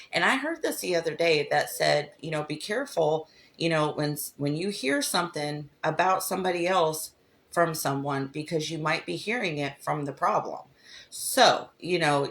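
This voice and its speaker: A woman hosting a crafting livestream, talking loosely with many fillers and reading scripture aloud slowly. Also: sits low, fairly bright tone. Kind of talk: casual devotional talk while crafting.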